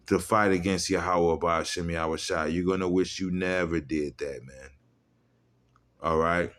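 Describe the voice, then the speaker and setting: A low-voiced man preaching in a fiery, mocking rant. He swings between loud, pushed outbursts and muttered asides, and he reads scripture in old-style wording. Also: fairly even intonation, a little slow. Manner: fiery, mocking, profane, drops into quiet asides. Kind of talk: heated religious video rant.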